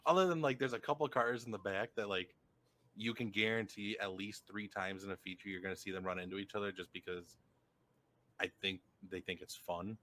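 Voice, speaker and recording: A man co-hosting a casual racing podcast, relaxed, plain-spoken and opinionated. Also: on the low side, a little fast. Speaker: podcast co-host.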